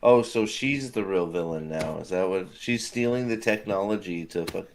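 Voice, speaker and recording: A man's voice: sits low, moderate pace, slight background noise. A man hosting a casual watch-party chat, ranting and mocking the show with lots of swearing. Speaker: host.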